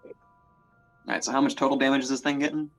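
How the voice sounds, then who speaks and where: Man, game master, mid-pitched voice, playful chatty narration, faint music behind. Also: level tone, fast talker.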